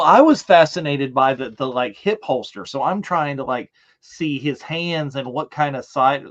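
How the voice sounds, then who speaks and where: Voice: medium pitch, highs cut off. A co-host reacting animatedly to scenes during a casual watch-along. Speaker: podcast co-host.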